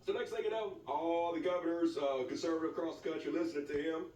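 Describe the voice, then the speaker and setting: A man's voice: steady tone, quick pace, darkish tone, echoey room, distant mic, low-quality recording. A man from the American South hosting a sarcastic reaction commentary, mocking and profane in the way he talks. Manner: mocking, profane, swings between high and low tones. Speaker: commentary host.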